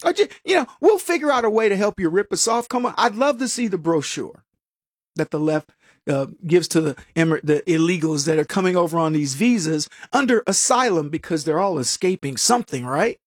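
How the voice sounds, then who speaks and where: A man's voice: sits high, fairly quick, no echo, clean studio sound. A man hosting a political talk show, delivering a casual, sarcastic commentary monologue full of restarts and chuckles at his own jokes. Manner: animated and sarcastic, with frequent restarts.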